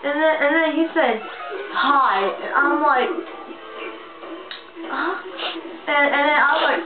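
A woman's voice: high voice, a little slow, long pauses, music in the background. A teenage girl ranting in a casual vlog, rambling, angry and repeating herself, recorded on a built-in computer mic at home. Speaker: vlogger. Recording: tinny lo-fi webcam audio in echoey room.

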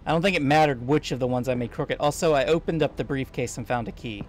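A man's voice: mid-range voice, fast talker, slight background noise. A man playing a co-op game, explaining puzzles in a teasing, bossy way over voice chat. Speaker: gamer playing co-op. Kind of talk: casual gameplay chat.

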